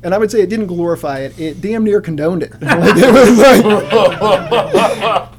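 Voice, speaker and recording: A man telling funny stories in casual chat as a comedian guest, often jumping into loud character voices. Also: high-pitched, measured pace, crowd noise.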